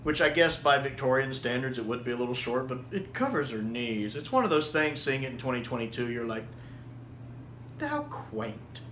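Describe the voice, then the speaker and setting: A man casually reviewing a show, enthusiastic and quick to laugh. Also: medium pitch, fairly bright tone. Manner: enthusiastic, laughs often, acts out quotes. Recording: echoey room with faint hiss.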